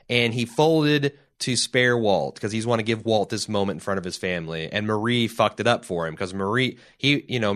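A man co-hosting a casual podcast, talking excitedly and swearing, often mimicking characters in sudden high voices. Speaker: podcast co-host. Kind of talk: casual show discussion.

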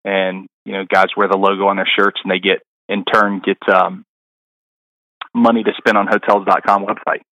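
A middle-aged man talks as a podcast guest, his voice sitting low. He rambles through stories with constant fillers and restarts. The sound is close and dry with no room around it. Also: level tone, moderate pace, pushed and bright, no echo, muffled recording. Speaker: caddie guest. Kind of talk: casual interview storytelling.

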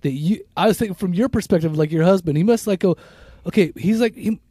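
A man in his fifties talks through a casual podcast chat, drifting and reflective, often restarting his thoughts. His voice sits a bit high for a man yet sounds soft and mellow, recorded close and dry. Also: dry recording. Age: 50s. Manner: rambling, reflective, halting restarts. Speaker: podcast co-host.

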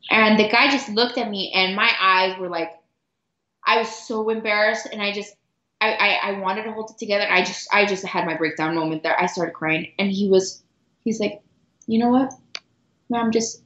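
A middle-aged woman guest telling a personal story earnestly, with halting restarts and repeated words. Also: mid-range voice, fairly bright tone. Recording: roomy, dull lo-fi sound.

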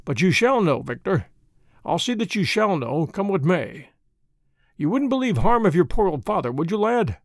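A man's voice: high-pitched, big pitch swings, moderate pace, no room sound, studio quality. A man voicing a frightened, older father who speaks anxiously and meekly. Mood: pleading. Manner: anxious, pleading, tame. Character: frightened old English country gentleman, pleading. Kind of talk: audiobook character voice.

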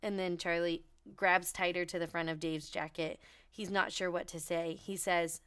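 A woman with a low, smooth and resonant voice co-hosts a book podcast. She gushes and swears freely in easy chat, and breaks off now and then to read passages aloud from a novel. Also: flat delivery, moderate pace, fairly bright tone. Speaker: podcast co-host.

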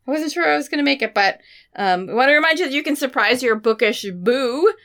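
A woman's voice: high-pitched, lively intonation, fast talker, fairly bright tone. A woman co-hosting a book podcast, chatting casually and enthusiastically with many "like"s, while a bit sick. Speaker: podcast co-host.

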